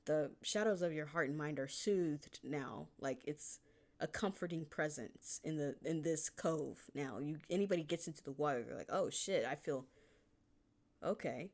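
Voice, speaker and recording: Woman author with a deep, low voice, chatty and rambling, laughs a lot, casual swearing. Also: normal speed, darkish tone. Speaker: fan fiction author. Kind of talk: casual chapter discussion.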